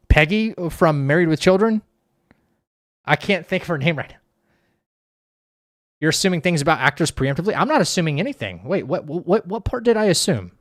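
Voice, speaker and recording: A man's voice: a little high, fairly bright tone. Stammering man chatting on stream. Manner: rambling, with frequent restarts and stammers. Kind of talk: casual chat reading live chat.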